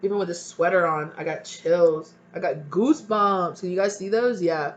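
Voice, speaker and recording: A woman's voice: lowish voice, normal speed. An earnest woman gives a spiritual tarot reading, speaking directly and emotionally to her viewers. The sound is dull and lo-fi, like a home video recording. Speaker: tarot reader.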